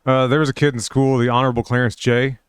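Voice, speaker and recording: A man with a smooth, resonant voice, chatting casually on a podcast. He tells a rambling, jokey story into a close, dry mic. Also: medium pitch, flat delivery, fast talker, dry recording. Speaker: podcast co-host. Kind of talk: casual chat.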